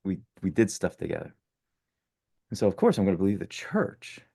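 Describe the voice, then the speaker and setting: Deep gravelly man in his sixties. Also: fairly quick. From born in Italy, raised in the United States. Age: 60s. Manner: animated, self-correcting storyteller. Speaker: podcast guest. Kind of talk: casual storytelling interview.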